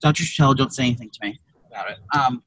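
A man co-hosting a comedy podcast, rambling through crude stories with loud, profane rants. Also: mid-range voice, rapid-fire, no echo. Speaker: podcast co-host. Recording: distant from the mic.

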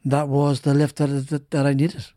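A man's voice: medium pitch, monotone, normal speed, dark tone, no echo, studio quality. A middle-aged British man, a former racing driver, telling long rambling anecdotes in a podcast interview and acting out the dialogue he quotes. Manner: rambling, many restarts, acts out quoted dialogue.

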